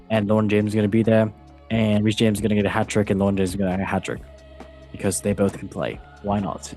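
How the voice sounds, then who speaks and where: A man's voice: on the low side, darkish tone. A man hosting a casual football show and quiz, talking in a playful, self-mocking way with big swings in delivery. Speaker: show host and quizmaster. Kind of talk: casual online show chat.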